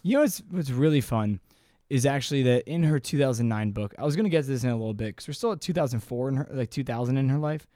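A man's voice: mid-range voice, lively intonation, fast, dark tone, dry recording, studio quality. A man co-hosting a podcast, chatting casually, swearing freely and retelling stories. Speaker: podcast co-host. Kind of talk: casual chat.

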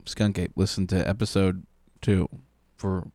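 A man's voice: sits low, little pitch movement, measured pace, a little mellow, no echo, studio quality. A man co-hosting a casual comedic podcast, trading crude one-liners and wisecracks. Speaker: podcast co-host.

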